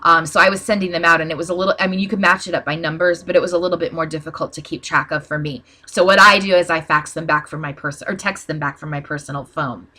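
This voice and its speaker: A woman calmly walking through a screen-share tutorial in a plain, practical way, with frequent "um" fillers. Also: sits low, fast talker, few pauses. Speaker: small business owner teaching ad posting.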